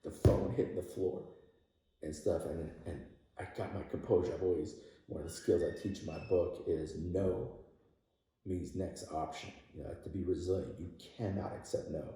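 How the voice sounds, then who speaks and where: A man with a deep, mellow voice tells an emotional story from his life as a podcast guest. He laughs often and grows animated as he retells it. He sits back from the mic in a strongly echoing room. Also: moderate pace. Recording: very roomy echo, distant from mic.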